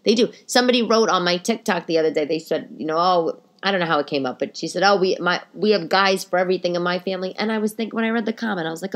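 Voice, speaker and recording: Animated New woman podcast host. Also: racing, hardly any pauses. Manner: animated, jumps high in pitch for quoted exclamations. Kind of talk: casual storytelling monologue.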